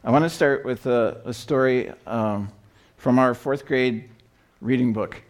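Brief: man preaching a sermon, middle pitch, earnest and halting. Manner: earnest, halting, with many restarts. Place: church service.

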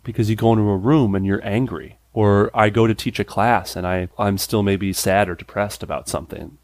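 A man in his thirties with a low-set voice talks casually as a podcast guest, recorded dry and close. He is animated and quick to laugh, filling his talk with "like" and jumping high in pitch whenever he mimics someone. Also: no echo. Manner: animated, acts out quoted voices with big pitch jumps; laughs often, frequent "like" fillers. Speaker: guest character actor and improviser. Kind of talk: casual podcast interview chat.

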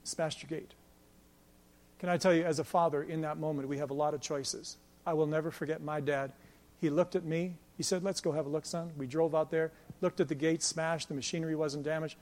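A male pastor preaching a sermon with passion, moving between loud emphatic lines and quiet storytelling. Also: a little high, steady tone, fairly quick. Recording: long hall reverb.

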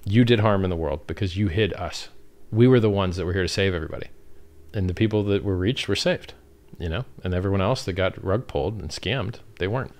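A man hosting a livestream, talking casually in an animated, blunt way and swearing freely. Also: low voice, a little fast. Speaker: livestream host.

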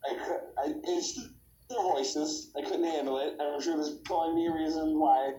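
A man's voice: a little high, steady tone, normal speed, mellow, slight background noise, rough recording. A man co-hosting a podcast, making dry, teasing remarks in casual chat. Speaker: podcast co-host.

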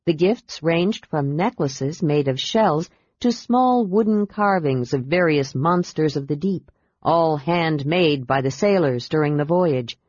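A woman narrating a fantasy novel in an even, measured reading, with a dull lo-fi sound. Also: low-pitched, dry recording. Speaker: audiobook narrator. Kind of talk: scripted narration. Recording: dull lo-fi audiobook recording.

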